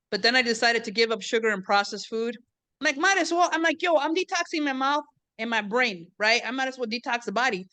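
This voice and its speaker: A woman's voice: mid-range voice, a bit bright, smooth, no room sound. A woman who grew up on the border, hosting an author event in a room, chatting casually and joking with the audience while switching between English and Spanish. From US-Mexico border region. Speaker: event host and professor.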